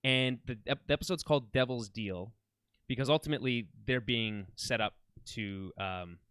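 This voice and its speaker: A man's voice: mid-range voice, moderate pace, a bit bright, clear, resonant tone, dry recording. A man co-hosting a podcast, chatting casually and enthusiastically about a TV series, often restarting his sentences. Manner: rambling, enthusiastic, many restarts. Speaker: podcast co-host. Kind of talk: casual film and TV chat.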